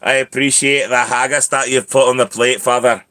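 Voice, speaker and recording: A man's voice: medium pitch, little pitch movement, normal speed, pushed and bright, close to an everyday voice. A man voicing a proud, territorial male house cat with a mock Scottish accent, talking in a stiff mock-formal way.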